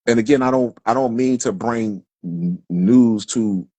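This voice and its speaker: A man with a rough, husky voice, talking into his phone on a live stream. He preaches in a heated, profane rant, swearing constantly, at a middle pitch. The sound is dry and close. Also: a little slow, mellow, dry recording. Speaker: livestream speaker.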